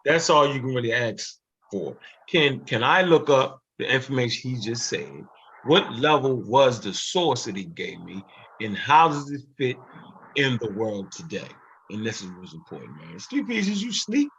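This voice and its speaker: A man's voice: mid-range voice, lively intonation, moderate pace, fairly bright tone, slight background noise. Laid-back man hosting a livestream. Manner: loose, repeats "man" after phrases. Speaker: show host. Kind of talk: casual livestream talk. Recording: muffled lo-fi audio.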